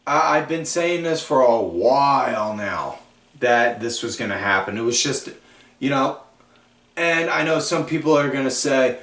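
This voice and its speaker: This wrestling podcast host has a medium-pitched, slightly bright voice with lively intonation. He goes over shows in a slow, rambling, casual style heavy on fillers, recorded in an echoey room at a distance from the mic.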